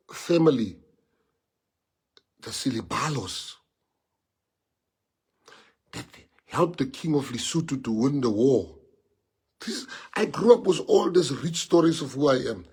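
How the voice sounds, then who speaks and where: A man's voice: on the high side, expressive, a little slow, creaky, long pauses, a little mellow, husky. A South African man whose first language is Afrikaans, giving an emotional, rambling livestream address to party members and piling up rhetorical questions.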